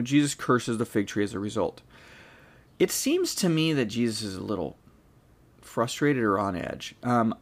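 A man teaching a Bible study, explaining the passage in a relaxed, conversational way and thinking aloud as he goes. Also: medium pitch.

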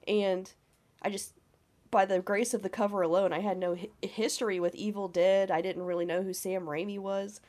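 A woman's voice: mid-range voice, steady tone, moderate pace, darkish tone. A young woman with a cold, her voice nasal and scratchy, chatting eagerly and swearing on a horror podcast. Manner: enthusiastic, swears casually. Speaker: podcast co-host. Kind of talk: casual horror podcast chat.

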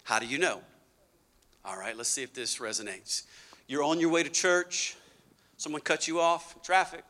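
A male pastor preaching a sermon, swinging between loud bursts and hushed asides. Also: a little high, steady tone, moderate pace.

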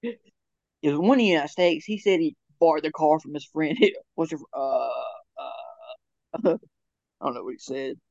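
A young man with a slightly raised pitch rambles through a casual chat, laughing often and restarting sentences. The sound is dull and lo-fi, dry with no room echo. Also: measured pace, creaky, a little mellow.

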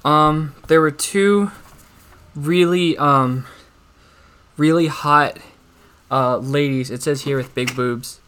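A young man doing an awkward, deadpan stand-up routine, halting and stammering through constant fillers and restarts. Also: fairly high pitch, clean tone. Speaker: stand-up comic.

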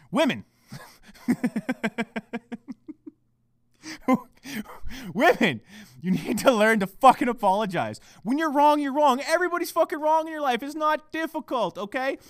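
A young man hosting a podcast, swearing heavily as he rants, going from shouting to hushed muttering. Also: very high voice, dry recording, studio quality. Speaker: podcast host. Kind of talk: profane solo podcast rant.

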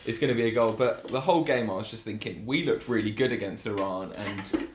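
Wry low-voiced young man. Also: brisk. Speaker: podcast co-host. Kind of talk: casual football chat. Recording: echoey room with faint noise.

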